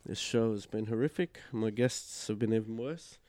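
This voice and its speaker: A man's voice: lowish voice, normal speed, dark tone, no room sound. A man hosting a casual radio show, crude and teasing, swearing often.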